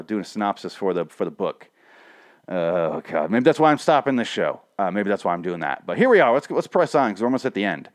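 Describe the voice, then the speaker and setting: A man giving a casual solo review, rambling and profane, with frequent restarts. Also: mid-range voice. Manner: swings from ranting to mumbling self-deprecation. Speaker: comic and TV reviewer.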